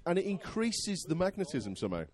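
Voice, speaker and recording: A man's voice: high-pitched, very animated, fairly quick, a crowd in the background. Dry, sceptical man explaining. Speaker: podcast panelist. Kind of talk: casual chat.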